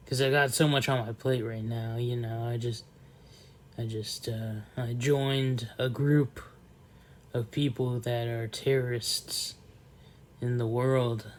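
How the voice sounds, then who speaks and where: A man drifts through a rambling vlog monologue in an unhurried, drawn-out way. His voice stays level and narrow in pitch, soft-spoken, and keeps trailing off into pauses. A faint hiss runs underneath. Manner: slow, soft and trailing, with frequent fillers. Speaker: vlogger.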